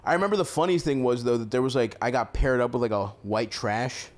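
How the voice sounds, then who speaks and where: A man's voice: medium pitch, a little fast. A man who grew up in a Greek-American family, a podcast guest telling stories in a rambling, filler-heavy way. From Greek-American family in Maryland. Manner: rambling storyteller, lots of "like" and "dude". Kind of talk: casual chat.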